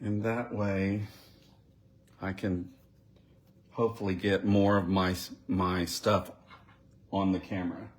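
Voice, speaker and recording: A man giving a live card-making demonstration, chatting and thinking aloud as he works and talking directly to his viewers. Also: lowish voice. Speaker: crafting demonstrator.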